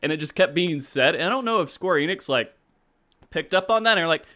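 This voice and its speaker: A man on a podcast, talking in a relaxed, thoughtful way and often saying "like". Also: on the high side, fast talker. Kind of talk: casual podcast chat.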